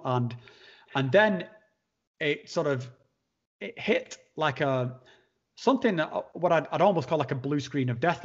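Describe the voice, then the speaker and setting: A man, a podcast guest telling a long personal story in a halting way, with many restarts and fillers. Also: on the high side. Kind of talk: conversational storytelling. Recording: dull lo-fi sound.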